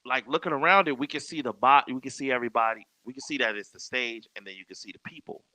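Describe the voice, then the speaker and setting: Bright-voiced man telling a story. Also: mid-range voice, fast, dry recording. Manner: animated, acts out quoted dialogue. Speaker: podcast host. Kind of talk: casual storytelling chat.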